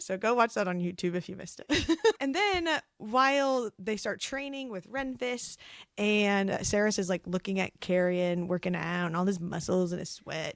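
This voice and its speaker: Excitable woman co-host gushing about a book, giggles a lot, voice bounces all over, dry close sound. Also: mid-range voice, no room sound. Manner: giggly, excitable, laughs often. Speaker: podcast co-host. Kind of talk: casual book club chat.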